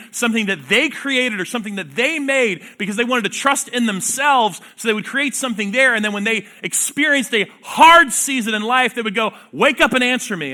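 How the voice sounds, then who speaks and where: A man preaching a sermon. He reads scripture aloud and explains it, swinging from loud emphatic passages to hushed ones. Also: sits high. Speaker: pastor.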